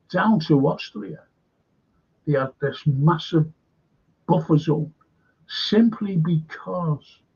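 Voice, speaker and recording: A man in a rambling, opinionated monologue, halting and repeating words, with a sarcastic edge. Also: on the high side, slightly rough, muffled recording.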